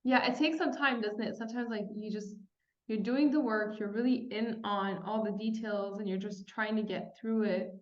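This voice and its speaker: Woman, podcast host, middle pitch, encouraging, reflective, roomy echo. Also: fairly even intonation, moderate pace. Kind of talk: interview. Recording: echoey, dull-sounding room recording.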